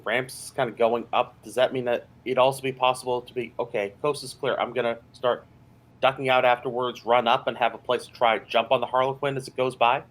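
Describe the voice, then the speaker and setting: A man's voice: medium pitch, little pitch movement, brisk, fairly bright tone. Man thinking aloud as a tabletop player. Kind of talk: casual game talk.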